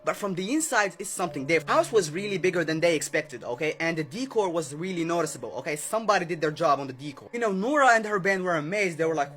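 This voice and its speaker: A high-pitched man recounts a scary tale in a loose, chatty way, tossing in "okay?" and acting out the dialogue. Faint music plays under his voice. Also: expressive, quick pace, hardly any pauses, fairly bright tone. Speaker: storyteller. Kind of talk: casual horror storytime.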